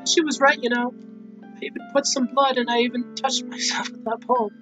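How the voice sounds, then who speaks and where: Distraught teen girl put on by a gamer, raised pitch, pleading, self-loathing, game voice-over. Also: little pitch movement, moderate pace, fairly bright tone, faint music behind, close to an everyday voice, low-quality recording. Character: distraught, guilt-ridden teenage girl confessing.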